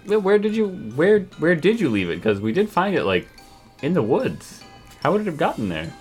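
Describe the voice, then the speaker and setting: A man's voice: fairly high pitch, very animated, moderate pace, breathy edge, faint music behind. A man playing a tabletop role-playing game, easygoing and inquisitive. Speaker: player. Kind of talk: casual tabletop game play.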